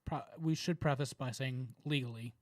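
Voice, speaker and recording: A man's voice: medium pitch, normal speed, a little mellow, no room sound. A man with a Southern American accent co-hosting a podcast, chatting casually with laughs and lots of fillers. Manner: laughing, rambling, filler-heavy. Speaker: podcast co-host. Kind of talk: casual chat.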